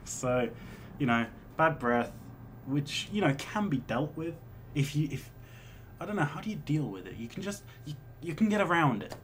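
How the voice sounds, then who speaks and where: A man's voice: fairly high pitch, big pitch swings, moderate pace, slight background noise. A man in his twenties, chatting casually as a vlogger answering viewer questions, rambling and swearing as he goes. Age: 20s. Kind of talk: casual chat.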